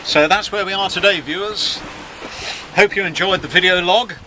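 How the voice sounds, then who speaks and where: Speaking at a normal pace in a high-pitched voice, a middle-aged skipper vlogs casually from his yacht's deck at sea. The mood is chatty and wry, often poking fun at himself, while wind and waves fill the recording.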